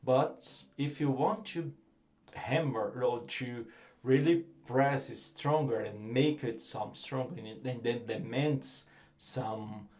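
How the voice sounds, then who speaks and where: A man with a Brazilian accent, giving a relaxed guitar lesson and explaining technique with frequent fillers. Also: mid-range voice, slow. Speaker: guitar teacher. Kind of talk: instructional lesson.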